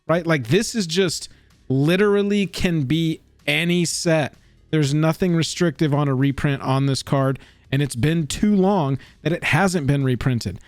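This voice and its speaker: A man co-hosting a casual chat about card prices, animated and joking in his asides. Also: fairly high pitch, dry recording, clean studio sound. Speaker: co-host.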